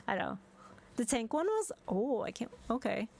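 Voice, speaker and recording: A woman's voice: on the high side, very animated, slow, creaky, long pauses, a little mellow, faint music behind. A young woman streaming a game, chatting casually and exasperated, with frequent swearing and laughter.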